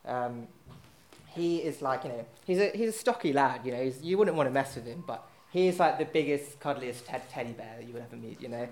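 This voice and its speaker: A man's voice: medium pitch, animated, fairly quick, a little mellow. A man telling a casual anecdote on stage, rambling with lots of fillers and poking fun at himself. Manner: rambling, filler-heavy, self-mocking. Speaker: storyteller at a live event.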